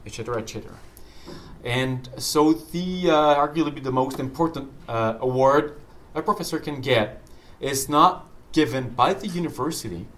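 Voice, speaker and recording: A man whose first language is French speaks as a university French professor, lively and full of fillers. His voice sits at an ordinary middle pitch. He sounds set back from the mic in an echoey room, with a faint hiss behind. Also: distant mic. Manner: animated, storytelling, hesitant fillers. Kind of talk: interview talk on stage.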